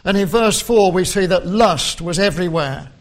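A man preaching a sermon, slow and deliberate, quoting scripture with rising emphasis. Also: sits high.

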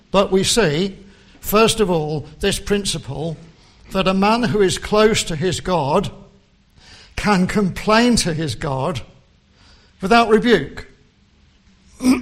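A man delivers a sermon at a measured, unhurried pace. His voice sits high for a man, and he leans into quoted verses with rising emphasis. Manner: slow and deliberate, quoting scripture with rising emphasis. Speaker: preacher.

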